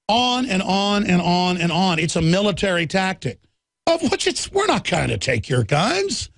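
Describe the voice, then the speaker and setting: A man's voice: sits high, animated, brisk, gravelly, fairly bright tone, dry recording. A man hosting a political radio talk show, ranting in a fiery, combative way from a studio.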